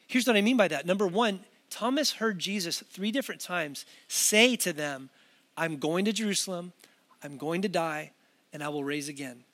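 High-voiced man preaching conversationally. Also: moderate pace, a bit bright, long reverb tail. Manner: conversational, acts out quoted voices. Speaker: pastor. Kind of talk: sermon.

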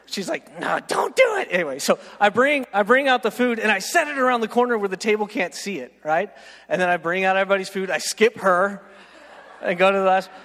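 High-voiced preacher telling stories in a hall. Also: male voice, fast. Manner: animated, self-mocking storyteller, keeps asking "right?". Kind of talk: storytelling sermon. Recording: long reverb of a large hall.

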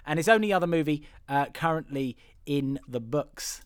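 Smooth-voiced man hosting a film podcast. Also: on the high side, expressive, moderate pace, dry recording, clean studio sound. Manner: wry, laughs often, rambling asides. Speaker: podcast host. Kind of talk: casual film podcast chat.

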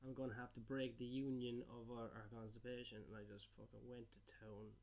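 A man joking around on a comedy podcast. His humor is goofy and crude, and he breaks into sudden loud bursts between easygoing remarks. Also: mid-range voice, level tone, a little fast, vocal fry, lo-fi sound. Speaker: podcast co-host. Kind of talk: casual comedic chat.

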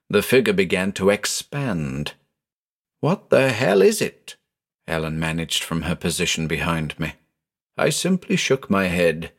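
Male narrator, low voice, slow and dramatic, animated delivery, storybook reading.

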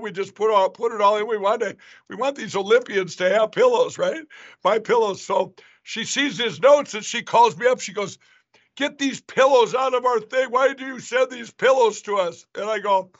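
A man's voice: high-pitched, fairly bright tone. A man hosting a show, telling a long story in a casual, rambling way with many restarts and asides. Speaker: show host. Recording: dull lo-fi sound.

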